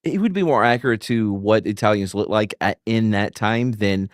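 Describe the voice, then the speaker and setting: A man's voice: fairly low pitch, normal speed, no echo, studio quality. A man on a podcast panel, telling stories with lots of asides. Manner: lively storyteller, lots of fillers and asides. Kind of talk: casual chat.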